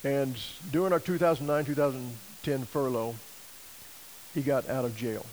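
A man preaching a sermon, telling a story in a folksy, animated way and acting out quoted voices. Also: mid-range voice, moderate pace, a little hiss or hum, rough recording. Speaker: missionary preacher.

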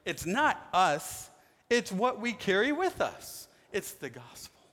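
A man's voice: high voice, big pitch swings, slow pace. Emphatic male pastor preaching in a hall. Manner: emphatic preaching, swings from loud to soft. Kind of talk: sermon. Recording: long hall reverb.

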